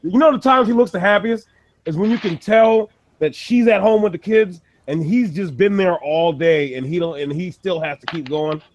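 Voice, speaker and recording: Casual podcast co-host, high-pitched man, swears freely while ranting. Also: normal speed. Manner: profane, ranting, laughs often. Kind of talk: casual chat.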